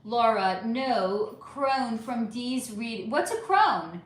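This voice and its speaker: A woman hosts a casual livestream, chatting animatedly and reading out viewer comments one at a time to answer them. Her voice is a little high and expressive, she speaks slowly, and the room sounds echoey.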